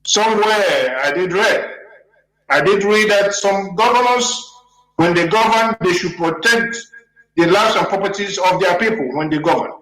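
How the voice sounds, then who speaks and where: A man with a high voice hosts a radio broadcast, thanking listeners and building rhetorical points through repetition. He uses fillers as he goes. His voice rings in an echoey room. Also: moderate pace, fairly bright tone. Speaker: radio host. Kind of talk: broadcast host commentary.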